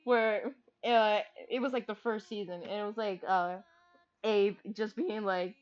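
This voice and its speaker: A woman's voice: medium pitch, steady tone, unhurried, clean tone. A woman streamer chatting casually and rambling, giggling often and swearing freely as she jokes around. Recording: dull lo-fi stream audio.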